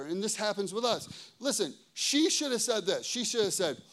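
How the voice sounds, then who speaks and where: A man with a high voice preaches with fervor, driving his points home through repetition. He swings from ringing, forceful declarations down to soft, hushed stretches, as a pastor speaking to his congregation. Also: big pitch swings, moderate pace, few pauses. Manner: emphatic preaching, swings between loud declarations and hushed intimate passages. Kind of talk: sermon.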